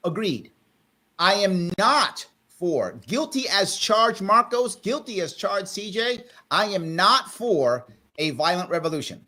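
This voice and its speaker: A man hosting a live panel talk show by video call, calmly but firmly trying to settle a heated guest. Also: sits high, slow. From South Bronx, New York. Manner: firm, tries to calm a heated guest. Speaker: host.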